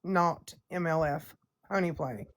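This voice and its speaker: A woman's voice: sits low, unhurried. A woman hosting a livestream chat, brash and profane, boasting and ranting in a casual way. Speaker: livestream host.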